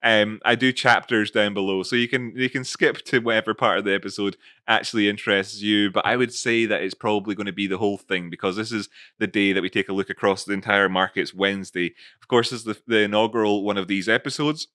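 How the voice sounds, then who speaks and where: A man's voice: on the low side, steady tone, quick pace, hardly any pauses, bright, forceful tone, no room sound, clean studio sound. A man hosting his own show in a casual, playful way, often laughing. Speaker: host. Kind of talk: casual chat.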